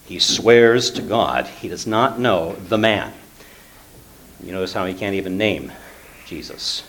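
A man teaching through a Bible passage in a conversational way, with frequent fillers and lively emphasis. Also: low-pitched, unhurried, a little hiss or hum.

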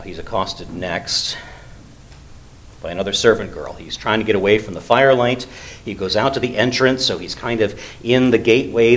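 A man teaching through a Bible passage in a conversational way, with frequent fillers and lively emphasis. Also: lowish voice.

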